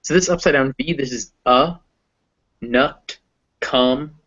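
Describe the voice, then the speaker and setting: A man's voice: medium pitch, slow pace, a bit bright, lo-fi sound. A man with a Southern American accent teaching English pronunciation, patiently modeling vowel sounds for a learner. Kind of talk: explaining phonetics to a learner.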